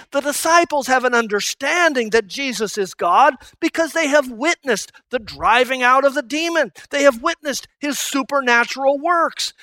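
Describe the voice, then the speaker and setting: A preacher giving a sermon with emphasis, repeating key phrases and moving between loud passages and hushed ones. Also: high-pitched, no room sound.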